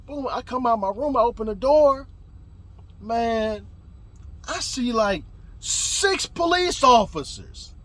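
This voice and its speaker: A young man telling a story in a casual, animated way, swearing and building to shouts. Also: very high-pitched, a little slow, long pauses.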